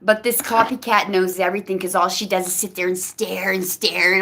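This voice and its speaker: A woman's voice: lowish voice, steady tone, fairly quick, creaky, hardly any pauses, a bit bright, a little hiss or hum. A woman telling a rambling personal story to camera, with many restarts and quoted voices. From Canada. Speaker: vlogger giving personal testimony. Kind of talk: rambling personal testimony monologue.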